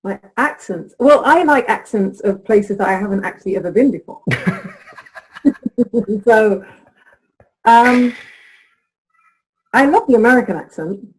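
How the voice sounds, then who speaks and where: Woman, relationship coach, interview guest, husky, animated, storytelling. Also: on the high side, unhurried, long pauses, poor audio. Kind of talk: interview conversation.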